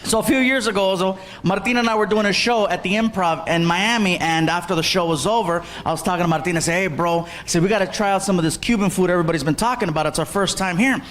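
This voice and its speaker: High-voiced man telling stand-up stories. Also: fast talker, hardly any pauses. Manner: animated storytelling, acting out characters. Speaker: stand-up comedian. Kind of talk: stand-up comedy routine. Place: comedy stage before a live audience. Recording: live stand-up recording with loud audience. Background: loud crowd laughter.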